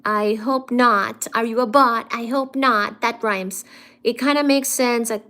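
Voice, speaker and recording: A woman with a slightly high voice chats casually with her live stream audience from home. She is playful and affectionate, greeting viewers by name and reading out their comments. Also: steady tone, a little slow, pushed and bright. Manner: affectionate, calls viewers "darling".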